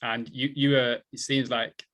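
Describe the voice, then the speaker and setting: A man's voice: mid-range voice, flat delivery, a bit bright. A man hosting an interview, speaking thoughtfully with frequent restarts. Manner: thoughtful, halting, with many restarts. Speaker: interviewer host. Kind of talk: interview conversation.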